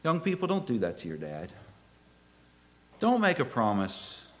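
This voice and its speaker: A middle-aged man preaching a sermon through a personal story, his pitch leaping and falling with lively expression. He drops to hushed tones, then rises to loud, exclaiming peaks. His voice has a bright, forceful edge. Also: a little slow.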